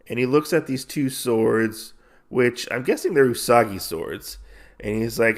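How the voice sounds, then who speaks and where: A man's voice: mid-range voice, unhurried. A man hosting a podcast, casually recapping a comic book with lots of fillers and loose asides. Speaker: podcast host.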